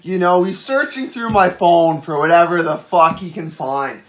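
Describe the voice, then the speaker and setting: A man's voice: fairly high pitch, normal speed, slight background noise. A man telling a story in casual talk, swearing constantly and laughing as he goes.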